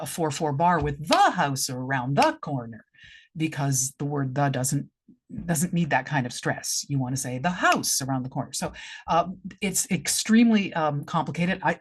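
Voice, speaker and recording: In a low-pitched voice with a breathy edge, a middle-aged woman director explains her feedback on a vlog. She restarts frequently and demonstrates the stresses by tapping out beats aloud.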